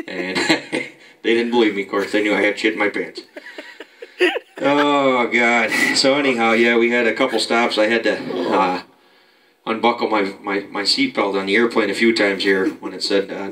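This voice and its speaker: A man's voice: lowish voice, a little fast, bright, forceful tone. Guy doing off the cuff standup in his basement, keeps cracking himself up, far off mic w/ lots of hiss. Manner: rambling, laughing at his own jokes. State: out of breath near the end. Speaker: amateur comedian. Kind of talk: improvised stand-up routine. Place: home basement. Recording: distant mic, noisy basement.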